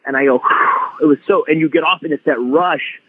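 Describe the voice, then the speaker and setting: A man with a fairly high voice tells stories as a podcast guest, tumbling through restarts as he goes. His voice comes through thin and phone-like, with the low end cut away. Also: moderate pace. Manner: animated storyteller, many restarts. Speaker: guest wrestler. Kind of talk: casual podcast chat. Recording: phone-like line.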